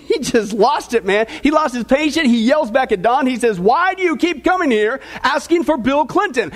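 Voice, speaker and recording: A man preaching as pastor, joking with the congregation and talking to them directly. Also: very high-pitched. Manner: joking, lively, talks to the audience. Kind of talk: sermon with jokes.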